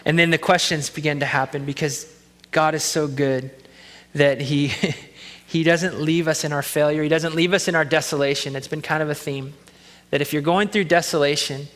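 A man's voice: a little high, steady tone, normal speed, fairly bright tone, long reverb tail. A man pastor preaching a sermon, in an earnest, conversational way.

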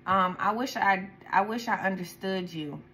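A woman's voice: medium pitch, moderate pace, pushed and bright, a little hiss or hum, poor audio. A woman giving a casual tarot reading to her viewers, talking in a chatty, profane, rambling way and often breaking into laughs. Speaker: tarot reader.

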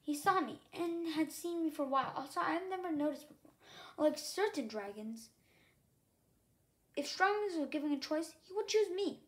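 A woman's voice: sits high, animated, moderate pace. A woman reading a novel aloud in the first person, telling the story as the main character. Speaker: reader.

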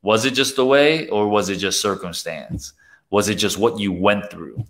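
A man with a low voice preaches a heartfelt sermon as the show's host. He talks in earnest bursts, repeating words as he gathers his thoughts, and often sinks into a soft, near-hushed delivery. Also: moderate pace. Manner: often drops to a soft, quiet voice. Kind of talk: preaching to camera.

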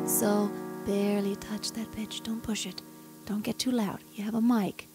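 A young woman teaching how to sing a pop ballad, speaking in a relaxed coaching manner and breaking into sung phrases to show the technique. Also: medium pitch, moderate pace. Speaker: singing teacher. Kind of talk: vocal lesson with sung demonstrations. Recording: loud instrumental music behind.

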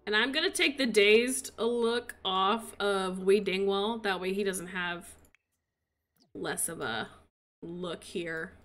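A woman giving casual commentary on her own game, excitable and cheering as she plays. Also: mid-range voice, slow. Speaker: gaming video creator.

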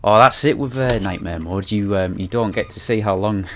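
A man's voice: on the low side, normal speed, fairly bright tone, a little hiss or hum. A man with a Scottish accent giving casual, jokey let's-play commentary. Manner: chatty, jokey asides to the viewer. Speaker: gaming channel host.

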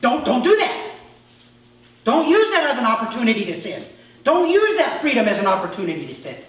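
A male pastor delivering a sermon, emphatic, dropping to soft asides and then rising sharply. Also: very high voice, big pitch swings, brisk. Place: church sanctuary. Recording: echoey church hall from far off.

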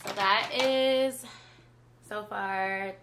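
A woman's voice: medium pitch, very slow, noisy background. A young woman chatting casually through a makeup routine as a beauty vlogger, full of filler likes. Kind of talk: casual makeup tutorial chat.

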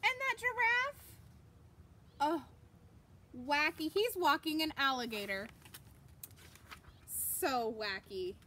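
A woman reading a picture book aloud to children, animated, gasping and exclaiming, and asking the young listeners questions. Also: high voice, slow pace, long pauses, slight background noise. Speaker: children's story reader.

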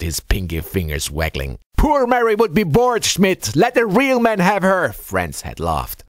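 A man narrating a short story in a steady, measured way. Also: rumbling low, husky, no echo, clean studio sound. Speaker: audiobook narrator. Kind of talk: scripted narration.

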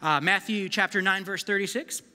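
Bright high-voiced pastor in a hall. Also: male voice, normal speed. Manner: energetic, conversational, calls on the crowd to respond. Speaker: youth pastor. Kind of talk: live sermon. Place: church service hall. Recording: long reverb of a large hall.

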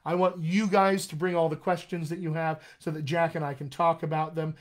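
A man's voice: on the high side, flat delivery, a little fast. An American man, a dialect coach, chatting casually and rambling to viewers on a live stream, calling them by name. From United States.

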